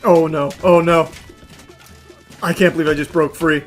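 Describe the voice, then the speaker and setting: A man doing let's play commentary, shouting and swearing at the game and then dropping to low, dry asides. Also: steady tone, moderate pace, faint music behind. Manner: drops to low, dry asides between outbursts. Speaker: gaming streamer.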